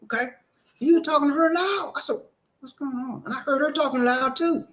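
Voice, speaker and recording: A man's voice: very high-pitched, fast. A man hosting a live stream, casually telling viewers a story, repeating words and acting out the dialogue. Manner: animated, repeats words, acts out quoted dialogue. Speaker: live-stream host reading viewer comments.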